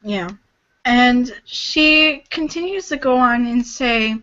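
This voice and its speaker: A woman with a fairly high voice hosts a casual livestream, speaking earnestly and haltingly, often sighing and restarting her sentences. The audio is dull and lo-fi, like a cheap home stream. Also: sharp tone. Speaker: livestream host.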